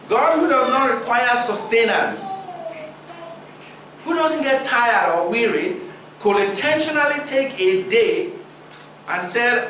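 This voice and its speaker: A man delivers a sermon from some distance to the mic, his voice ringing through a very roomy church hall. His pitch sits high and swings widely, and he poses rhetorical questions to the congregation with deliberate pauses. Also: animated, bright, forceful tone, a little hiss or hum. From Nigeria. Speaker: preacher.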